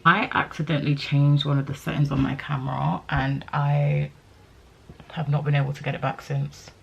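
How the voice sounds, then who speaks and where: A woman's voice: low-pitched, little pitch movement, normal speed, gravelly, husky, dull audio. A woman in her late twenties talking candidly to camera in a chatty, emotional, rambling vlog. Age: 20s. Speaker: vlogger.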